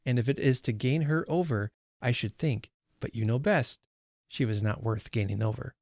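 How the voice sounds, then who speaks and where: A man reading aloud the lines of a gentle, sensible young woman who speaks quietly and frankly. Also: medium pitch, normal speed, no echo, studio quality, close to an everyday voice. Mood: calm. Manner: quiet, calm reasoning.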